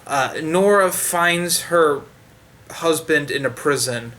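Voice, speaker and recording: A man tears into a book in a casual, rambling rant, swearing constantly and stumbling over fillers. His voice sits a bit high and sounds bright and forward. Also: slow. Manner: profane, sarcastic, frequent fillers. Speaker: book reviewer. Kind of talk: ranting casual review.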